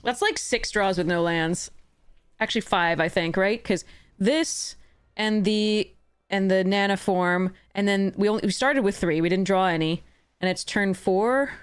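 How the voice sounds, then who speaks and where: A woman's voice: medium pitch, unhurried, clear, resonant tone. Frustrated woman streaming a card game. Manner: frustrated, swearing, thinking aloud. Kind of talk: live game commentary.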